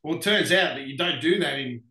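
An Australian man, a racing driver and podcast guest, telling lively anecdotes with frequent laughs. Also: a little high, fairly quick. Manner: animated anecdotes, laughs often. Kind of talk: casual storytelling interview. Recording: roomy echoey room.

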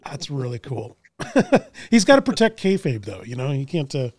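A man's voice: medium pitch, wildly swooping pitch, normal speed, no echo. A man hosting a podcast, chatting casually with a guest and reacting with laughs and short remarks. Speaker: podcast host. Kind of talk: casual chat.

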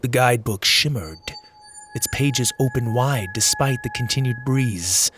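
A man reading a children's adventure story as its narrator, in a measured and dramatic storytelling manner. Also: mid-range voice, animated, fairly bright tone, a little hiss or hum.

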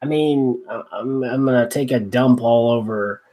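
A man's voice: mid-range voice, normal speed, mellow. A man co-hosting a podcast, chatting casually in a rambling, wry way with lots of fillers. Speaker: podcast co-host.

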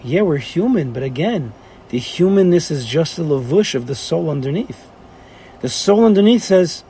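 A man's voice: on the high side, big pitch swings, normal speed, a little mellow, breathy edge. A man teaching a class, talking animatedly and firing off rhetorical questions. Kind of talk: lively class lecture.

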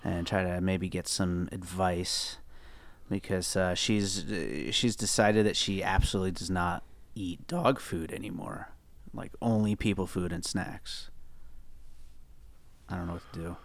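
A man's voice: deep voice, fairly even intonation, a little slow, vocal fry, dry recording. A man co-hosting a podcast in a laid-back, joking casual chat. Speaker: podcast co-host.

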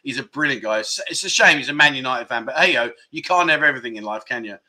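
Chatty man in his fifties, bright-edged. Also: medium pitch, animated, fast. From United Kingdom. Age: 50s. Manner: chatty, jokey, rambling with lots of asides. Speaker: livestream host. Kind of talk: casual chat show, reading viewer comments.

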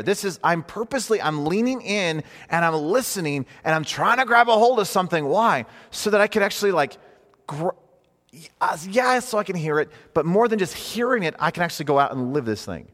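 A man's voice: high-pitched, lively intonation, a little fast, fairly bright tone. A man teaching in a conversational sermon style, earnest and informal, often rephrasing himself mid-thought. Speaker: preacher teaching a class. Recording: long hall reverb.

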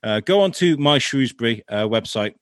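A man's voice: mid-range voice, animated, moderate pace, dry recording, clean studio sound. A man hosting a casual podcast interview, chatty and upbeat, with lots of fillers. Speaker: podcast host.

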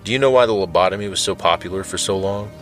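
A cruel, taunting male captor, read by a man with a very deep, low voice. He speaks coldly and mockingly, savoring his threats. Faint music hums underneath. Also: rapid-fire, lightly acted. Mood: menacing. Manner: taunting, cold.

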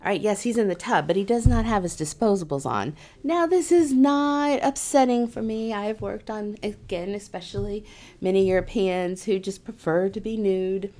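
A middle-aged woman, a massage therapist, telling a personal story casually, animated and self-mocking, with nervous laughs. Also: medium pitch, moderate pace.

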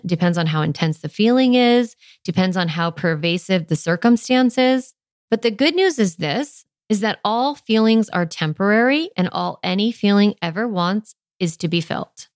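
A woman's voice: medium pitch, no echo. Chatty woman podcast host, dry sound. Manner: warm, chatty, lots of "like" fillers. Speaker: parenting podcast host and coach. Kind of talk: podcast monologue.

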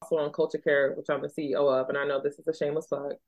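Woman from Philadelphia, podcast host, doctor, earnest casual chat, slightly low pitch. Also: level tone, racing, a little mellow. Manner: earnest, chatty, heavy use of "like" and "you know".

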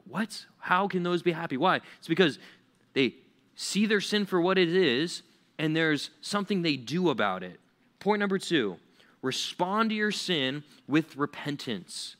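Animated, bright-voiced preacher man. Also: on the high side, normal speed. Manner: animated, conversational, acts out stories; frequent "like" fillers. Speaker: pastor. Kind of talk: sermon.

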